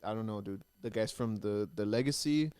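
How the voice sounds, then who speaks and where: A man's voice: on the low side, a little fast, darkish tone, clean tone. A man cohosting a podcast, chatting casually about a movie, rambling with lots of restarts and filler words and swearing freely. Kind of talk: casual chat.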